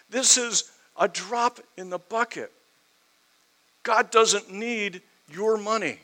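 Male preacher, fairly high and bright tone, expository sermon, fervent rhetorical questions. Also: poor audio.

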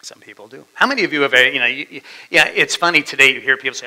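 A male pastor preaching a sermon, dramatically swinging between loud declarations and hushed asides. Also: medium pitch, animated, fast, few pauses, rough recording.

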